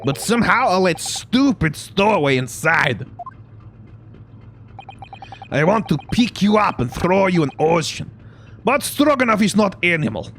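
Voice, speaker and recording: A man voicing a gruff, burly male sailor who speaks blunt, clipped broken English in a video game playthrough. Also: high voice, very animated, measured pace, pauses often, fairly bright tone, slight background noise, full character voice.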